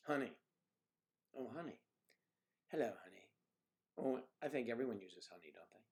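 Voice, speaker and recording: Older Southern male livestream host, rambling, chatty, keeps clearing his throat. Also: medium pitch, sing-song, moderate pace, long pauses, a little mellow. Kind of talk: casual livestream chat reading viewer comments.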